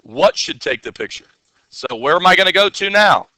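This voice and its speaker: A man's voice: high-pitched, expressive, normal speed, sharp tone. A man teaching a classroom coding lesson, asking his students questions and answering them himself.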